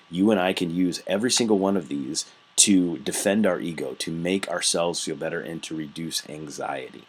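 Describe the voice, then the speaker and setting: A man with an extremely deep voice teaches a recorded class, walking through his notes on a computer mic. He keeps it conversational, with everyday examples and plenty of small fillers. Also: normal speed, husky. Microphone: computer mic while scrolling through notes.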